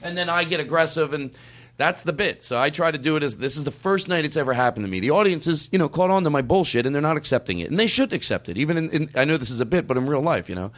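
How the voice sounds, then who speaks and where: Lively, rambling male podcast host. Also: fairly high pitch, quick pace. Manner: rambling, joking, self-interrupting. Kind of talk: casual studio chat.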